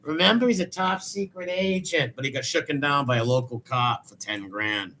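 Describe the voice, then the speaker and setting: A man's voice: a little high, moderate pace, sharp tone, slight background noise. A man hosting a crude, sarcastic commentary show, mocking clips he plays. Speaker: host.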